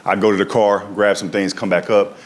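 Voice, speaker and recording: A man's voice: on the low side, little pitch movement, a little fast. A male stand-up comedian telling stories on stage in a conversational way, often tagging lines with "right?". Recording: echoey room, noisy background.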